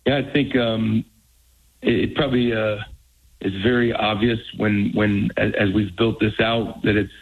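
A man, a college football head coach, talking earnestly on a radio call, halting with many restarts. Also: on the low side, fairly even intonation, breathy edge. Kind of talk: phone-in radio interview. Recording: tinny phone line.

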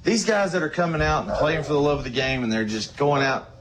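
A man's voice: on the high side, expressive, quick pace, hardly any pauses, slight background noise, low-quality recording. A man giving casual, confident analysis as a guest on a sports radio show.

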